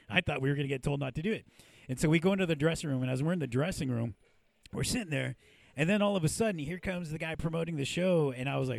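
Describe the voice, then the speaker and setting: A man's voice: medium pitch, lively intonation, fast talker, gravelly, a little mellow, dry recording. A man who hosts a podcast, telling profane stories in casual chat and laughing often. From Mexican-American from San Diego. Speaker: podcast host and puppeteer. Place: podcast studio.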